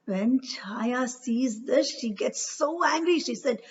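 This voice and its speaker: A woman narrating a myth as a storyteller, unhurried and with frequent hesitations. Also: a little high, lively intonation, breathy edge. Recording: dull, distant recording.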